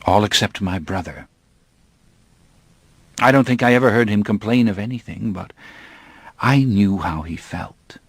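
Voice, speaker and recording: A man voicing a calm, brooding centuries-old male vampire, speaking in a measured, grave way. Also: lowish voice, breathy edge, no echo. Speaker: narrator.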